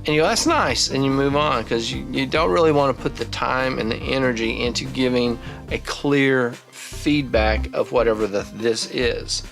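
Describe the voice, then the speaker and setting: A man's voice: mid-range voice, fairly even intonation, normal speed, creaky, fairly bright tone, soft background music. A man in his forties hosting his own vlog, talking casually and thinking aloud with frequent restarts. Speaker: vlog host. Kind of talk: casual talking-head monologue.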